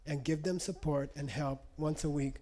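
Male speaker, slightly raised pitch, teaching a room casually. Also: fairly even intonation, normal speed, warm tone. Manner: conversational teaching, frequent "okay?" check-ins. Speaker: lecturer. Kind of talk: live lecture to an audience. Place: lecture room.

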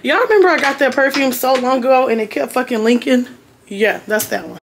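A woman's voice: high voice, a little fast. Venting casual woman vlogger. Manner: candid, venting, swears freely. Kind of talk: casual vlog chat. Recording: roomy echo, faint room noise.

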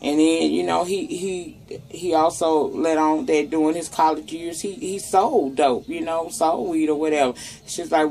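A woman's voice: on the low side, moderate pace, dark tone. A woman with a Southern US accent runs through the week's celebrity gossip in a casual vlog. She talks loosely and profanely, addressing her viewers directly as y'all. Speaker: vlogger. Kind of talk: casual commentary on news and gossip.

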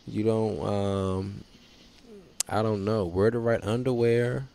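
Gravelly young man, blunt and profane. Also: on the low side, fairly even intonation, slow, dark tone, slight background noise. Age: young adult. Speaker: podcast host. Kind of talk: casual solo chat.

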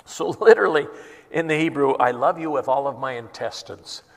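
A man preaching a sermon as a pastor, earnest and emphatic, dropping to a hush and acting out quotes with feeling. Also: mid-range voice, moderate pace, creaky. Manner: earnest, swings between hushed and emphatic, acts out quotes. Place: church hall. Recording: long reverb of a church hall.

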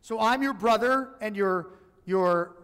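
High-voiced pastor preaching in a reverberant church. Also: male voice, slow pace, fairly bright tone, clean tone. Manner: conversational and humorous, acts out voices in his stories. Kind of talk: sermon. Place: church sanctuary. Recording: church live stream with long hall reverb.

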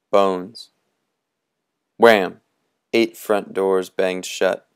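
A man narrating a novel at an unhurried, measured pace. His voice is low and smooth. He leans into the atmosphere of each sentence. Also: little pitch movement, a little mellow. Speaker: audiobook reader. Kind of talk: reading a novel aloud.

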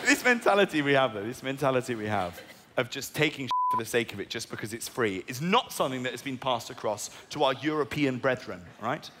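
Animated English stand-up comedian. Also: male voice, medium pitch, brisk. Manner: animated, sweary, mock-indignant. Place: live comedy venue. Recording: echoey hall, loud crowd noise.

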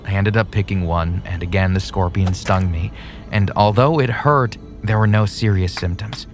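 Man, low voice, horror story narration, steady delivery, soft background music. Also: moderate pace.

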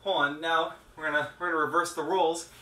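A man's voice: a little high, little pitch movement, quick pace, very noisy. A man filming a casual vlog at home, joking and laughing as he cooks with a handheld camera. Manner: playful, laughs often. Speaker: vlogger. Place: home kitchen.

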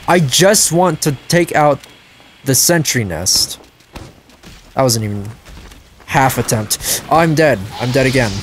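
A man giving live gameplay commentary as a channel host, excitable and prone to loud frustrated outbursts and swearing. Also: mid-range voice, slow pace, long pauses, a little hiss or hum.

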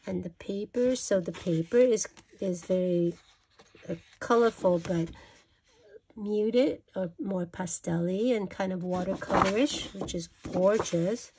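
A woman gushing over a craft haul in a chatty show-and-tell, her middle-pitched voice carrying a gravelly fry. She corrects herself often and talks with easy delight. A faint hiss sits behind her, with paper clicking now and then. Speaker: craft vlogger showing a haul.

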